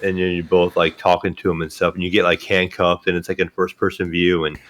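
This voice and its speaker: A man co-hosting a podcast, recounting his own play-through in a relaxed, easygoing way. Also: sits low, a little fast. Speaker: podcast co-host. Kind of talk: casual podcast chat.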